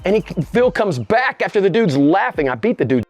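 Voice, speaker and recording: A middle-aged man telling a story in casual interview chat, animated and profane, his voice jumping up high when he acts out scenes. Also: moderate pace, soft background music. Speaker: interview guest.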